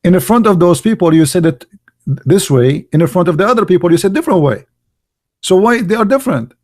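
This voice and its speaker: High-voiced man mocking in rhetorical questions. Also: animated, brisk. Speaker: religious commentator. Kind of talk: polemical monologue.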